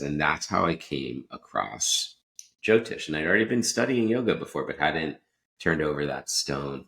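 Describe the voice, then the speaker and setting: A man's voice: extremely low pitch, expressive, normal speed, gravelly, a bit bright. A man hosting a podcast, telling a personal story in a rambling, casual way, often breaking off mid-sentence and laughing. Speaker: podcast host.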